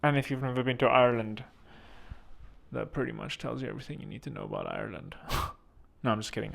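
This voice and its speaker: A man's voice: medium pitch, quick pace, creaky, fairly bright tone. A man hosting a comedic self-help monologue, rambling and joking crudely at his own expense. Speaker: host.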